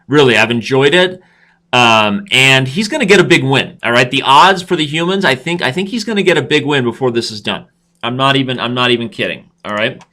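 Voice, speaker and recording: A man's voice: medium pitch, animated, a little fast, pushed and bright. A young man hosting a live chess stream, rambling, joking and breaking into song. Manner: goofy, rambling, breaks into singing. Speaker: host.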